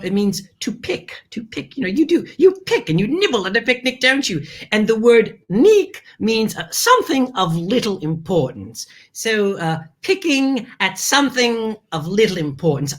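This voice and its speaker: Playful, theatrical woman host with lively pitch. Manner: theatrical, playful, chatty asides; addresses viewers as darling. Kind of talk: hosting a kids' learning show.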